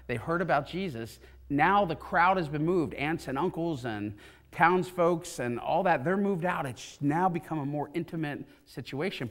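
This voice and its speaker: A man preaching a sermon from a church pulpit, retelling a scripture story with animated, acted-out quotes. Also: on the high side. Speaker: pastor. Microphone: pulpit mic.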